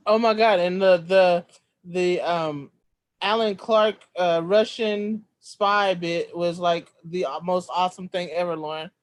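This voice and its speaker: A woman's voice: lowish voice, fairly even intonation, a little slow. A woman chatting on a video call, enthusiastic and laughing often. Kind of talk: casual video call chat.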